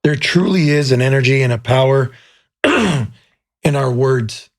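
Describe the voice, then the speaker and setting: A man's voice: mid-range voice, unhurried. A man with a middle-range voice shares his experiences in a casual podcast. He sounds earnest and tends to circle back on his words. His tone stays conversational. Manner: earnest, repeats himself, quotes people. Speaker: podcast co-host. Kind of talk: casual chat.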